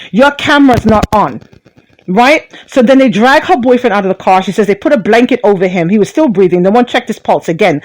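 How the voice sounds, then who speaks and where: A woman's voice: mid-range voice, dry recording. Fiery, outspoken woman radio host. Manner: fervent, profane, rhetorical questions. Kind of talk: impassioned talk radio monologue.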